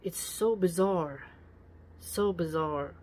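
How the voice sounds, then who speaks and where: A woman's voice: fairly low pitch, slow, darkish tone. A woman giving casual spoken commentary on a book. She talks to listeners directly in a preachy, emphatic way and repeats words for stress.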